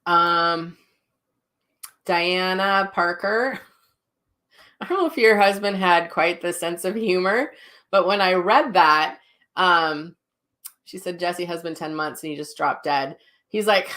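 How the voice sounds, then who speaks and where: A woman hosting live psychic readings in a somewhat low voice. She speaks gently and reassuringly, with frequent ums and restarts. Now and then she slips into quoting the messages she relays. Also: normal speed. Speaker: psychic medium host.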